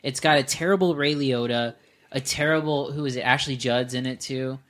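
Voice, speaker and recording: A man co-hosting a movie podcast in casual chat, animated and laughing often as he pans a bad film. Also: mid-range voice, moderate pace. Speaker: podcast co-host, film critic.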